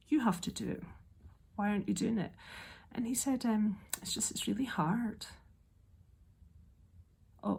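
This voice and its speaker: A woman ranting in an exasperated way in a casual monologue, a little unwell and low on energy. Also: creaky, darkish tone, breathy edge. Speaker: vlogger.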